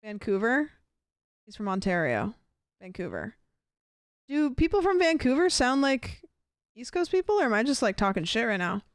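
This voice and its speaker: A woman's voice: fairly high pitch, sing-song, normal speed, pauses often, no echo, studio quality. A woman streaming a game live, chatting casually, rambling and curious with lots of fillers and questions. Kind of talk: casual live-stream chat while gaming.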